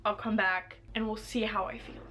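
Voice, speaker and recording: A young woman book vlogger chatting casually, bubbly and excitable, with sudden squeals. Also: mid-range voice, normal speed, slight background noise. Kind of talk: casual reading vlog.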